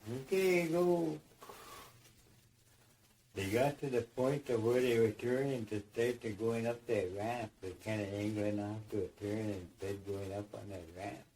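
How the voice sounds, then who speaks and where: A man's voice: lowish voice, steady tone, normal speed, hardly any pauses, dark tone, a little hiss or hum, rough recording. A man telling a dream story in a rambling way, repeating phrases and acting out voices. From United States.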